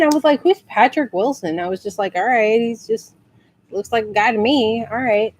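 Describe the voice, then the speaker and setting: A woman from San Antonio, Texas, chatting casually in a rambling way and acting out quotes in high squeals. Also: moderate pace. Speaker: vlogger. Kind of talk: casual storytelling rant.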